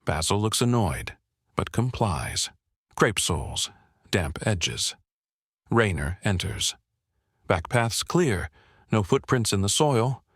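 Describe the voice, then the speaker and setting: Slow, lively low-voiced male narrator. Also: slightly rough, no room sound, clean studio sound. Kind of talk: scripted audiobook narration.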